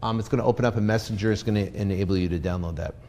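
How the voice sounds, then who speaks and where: A man's voice: lowish voice, rapid-fire. A man teaching real estate investing in a live stream, acting out sales lines to a seller, with many fillers and restarts. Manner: energetic, role-plays sales scripts to a seller.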